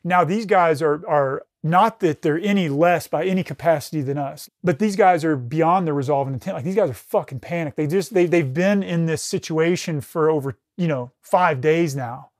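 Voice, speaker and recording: Brief: middle-aged male veteran guest, pitched a touch high, dry close sound, intense and profane, lots of false starts. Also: moderate pace, hardly any pauses, no room sound. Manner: intense, heavy swearing, frequent restarts. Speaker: podcast guest, retired military rescue specialist. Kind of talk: recounting a combat story in casual conversation.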